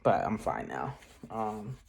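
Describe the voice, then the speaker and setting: A man's voice: fairly low pitch, wildly swooping pitch, slow, vocal fry, breathy edge. A man chatting casually in a craft vlog, rambling with many filler words and frequent laughs. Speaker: craft vlogger.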